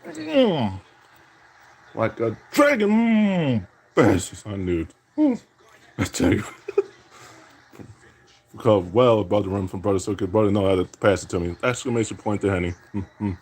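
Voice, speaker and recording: A man's voice: lowish voice, moderate pace, pauses often, darkish tone, breathy edge. A man playing a basketball video game, calling his own plays and teasing his opponent with repeated catchphrases. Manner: trash-talking, teasing opponent; catchphrase-heavy, repeating "indeed". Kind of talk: self-commentary while gaming.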